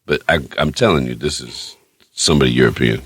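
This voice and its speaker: A man's voice: very deep voice, fairly quick, fairly bright tone, breathy edge, no echo, studio quality. A man hosting a casual podcast, teasing his guest with crude banter. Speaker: podcast host.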